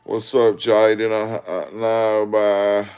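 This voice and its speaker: Slow, gravelly man livestreaming. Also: fairly low pitch, little pitch movement, a little mellow. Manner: crude, rambling banter, begging for likes. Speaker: livestream host. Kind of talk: casual livestream chat with viewers. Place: outdoors on a walking livestream.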